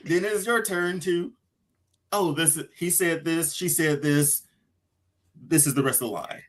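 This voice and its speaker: A man hosting a casual fan podcast, excitable and playful, often breaking into laughter. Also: fairly high pitch, a little slow. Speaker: host.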